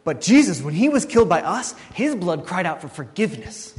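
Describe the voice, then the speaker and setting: A man preaching a sermon, telling a story in a lively way and acting out the people in it. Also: high-pitched, fairly quick, in a large hall.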